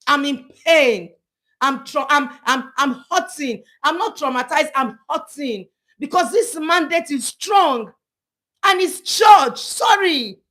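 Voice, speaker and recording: A middle-aged woman, giving an impassioned live talk as a counselor and church speaker. Her voice sits high, and she presses her points with pleading repetition in a preachy way. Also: lively intonation, slow pace, fairly bright tone. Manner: emphatic and preachy, repeats phrases, pleading.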